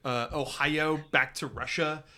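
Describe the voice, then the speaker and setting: A man co-hosting a podcast in casual chat, tossing in wry quips and quick agreeing interjections. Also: fairly high pitch, steady tone, crowd noise. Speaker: podcast co-host.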